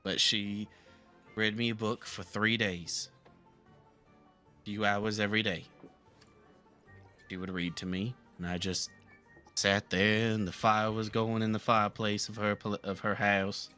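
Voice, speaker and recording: A man playing a talkative southern gentleman from the bayou, with a Southern twang, rambling earnestly through a live game roleplay. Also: lowish voice, level tone, unhurried, pauses often, faint music behind. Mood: reminiscing.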